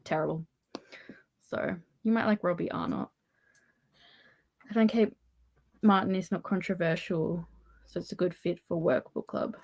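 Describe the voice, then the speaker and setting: A woman's voice: on the low side, moderate pace, gravelly, pauses often, a little mellow, husky. A woman chatting casually, telling stories and laughing often. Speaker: podcast host. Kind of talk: casual chat.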